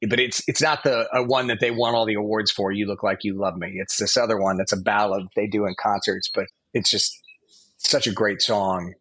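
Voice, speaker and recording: A man's voice: lowish voice, steady tone, brisk, fairly bright tone, husky, no room sound. A man co-hosting a casual podcast chat, playful and chatty, who bursts into song now and then. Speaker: podcast co-host.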